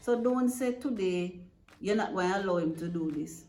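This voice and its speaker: Woman, lowish voice, earnest parenting advice, echoey room, faint music behind. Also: moderate pace, mellow. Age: adult parent. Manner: earnest and direct, checks in with "right?". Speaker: parent coach giving advice.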